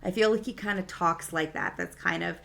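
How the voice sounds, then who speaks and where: A woman's voice: on the low side, a little fast, gravelly, fairly bright tone. A woman casually recapping and reviewing a TV episode in a chatty, enthusiastic way, with many fillers. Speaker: TV series reviewer.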